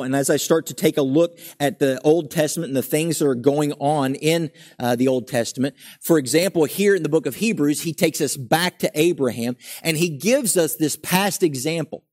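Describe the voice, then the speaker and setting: A young adult man preaching a sermon, earnest and emphatic, building up his lines and then dropping to a quiet, settled tone. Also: a little high, normal speed, hardly any pauses.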